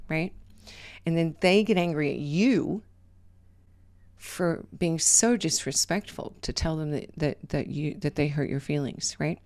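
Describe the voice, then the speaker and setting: Low-voiced woman giving casual life advice. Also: a little mellow. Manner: conversational, keeps asking "right?", sometimes drops to a whisper. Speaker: podcast host.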